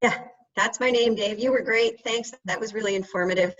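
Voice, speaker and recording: A woman, a winery representative, presents wines in a friendly, measured way on a video call. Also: mid-range voice, fairly bright tone. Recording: muffled lo-fi call audio.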